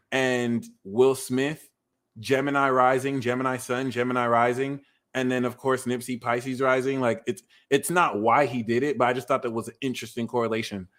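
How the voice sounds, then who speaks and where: A medium-pitched man gives a casual tarot and astrology reading on a livestream, excitable and profane, teasing his viewers and breaking into loud outbursts.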